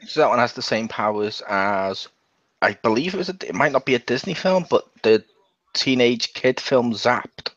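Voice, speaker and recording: A man guesting on a casual review chat tosses in playful, joking asides at an ordinary middle pitch. The recording is dull and lo-fi, and it sounds dry and close. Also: expressive, moderate pace, fairly bright tone, no room sound. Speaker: podcast guest.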